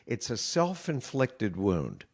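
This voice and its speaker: A middle-aged meteorologist in a conversational interview, explaining earnestly and sounding worried. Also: male voice, fairly low pitch, wildly swooping pitch, slow pace, darkish tone, breathy edge. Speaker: meteorologist guest.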